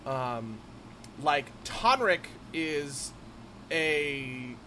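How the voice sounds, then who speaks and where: A young man co-hosting a casual podcast about role-playing games, animated and quick to laugh. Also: on the high side, slight background noise, rough recording. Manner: animated, laughs often, lots of fillers. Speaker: podcast co-host.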